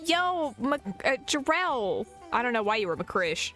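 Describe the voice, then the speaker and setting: A young adult woman commenting on a game stream in a playful, joking way, her pitch slightly high and swinging widely while she talks slowly. Faint music plays behind her. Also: very animated, bright, forceful tone. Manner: playful, laughing, jokey asides. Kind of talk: casual gameplay commentary.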